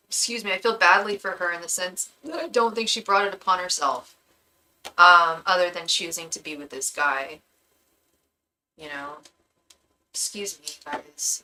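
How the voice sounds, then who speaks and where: A young woman, a tarot reader and psychic medium, reads cards on a live stream in a fairly low voice over a noisy background. She talks casually with slang and rattles off repeated invocations to her spirit guides.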